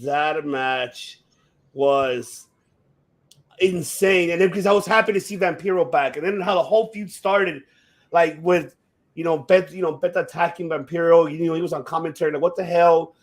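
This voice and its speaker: Excitable high-voiced man, swearing freely. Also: normal speed. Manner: excitable, profane, rambling with many restarts. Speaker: podcast host. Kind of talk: casual chat about wrestling.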